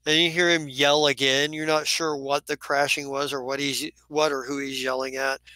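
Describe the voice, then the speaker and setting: Rambling game master, bright clear voice. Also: male voice, medium pitch, flat delivery, normal speed, dry recording, low-quality recording. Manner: rambling, many restarts, laughs often. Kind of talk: narrating a tabletop game. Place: home studio stream.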